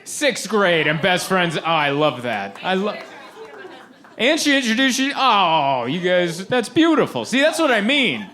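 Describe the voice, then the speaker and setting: A man doing a stand-up comedy set on stage, animated and laughing often as he acts out little scenes. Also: high voice, a little slow, a faint crowd. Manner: animated, laughing often, acting out quoted voices. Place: live comedy venue with audience.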